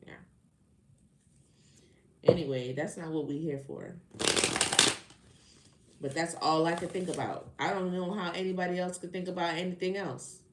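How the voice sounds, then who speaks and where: A woman's voice: fairly low pitch, fairly even intonation, normal speed, long pauses. Woman, tarot live-stream host, fed up and sarcastic, full of rhetorical jabs; echoey room audio with light noise. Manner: heated, exasperated and sarcastic, with rhetorical questions. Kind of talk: ranting live-stream chat.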